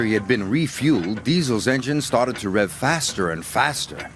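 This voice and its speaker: A man narrating a children's storybook in an expressive, measured way. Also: medium pitch. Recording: loud music under the voice.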